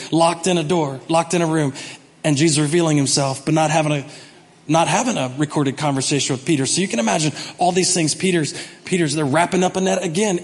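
A man preaching a sermon, acting out the story and swinging from quiet asides to shouted lines. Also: fairly high pitch, big-room sound. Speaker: pastor.

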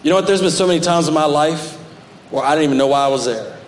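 A man's voice: fairly high pitch, fast talker, a little hiss or hum. A male pastor preaching a sermon and reading scripture aloud, rising into emphatic bursts. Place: church sanctuary. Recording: echoey church hall with long reverb.

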